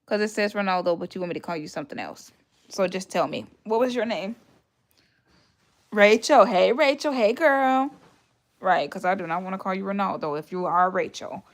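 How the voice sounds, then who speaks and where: A woman's voice: lowish voice, fast talker. A woman, hosting a casual livestream, chatting with viewers, laughing often and acting out what people told her. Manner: retells conversations in put-on voices. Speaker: livestream host.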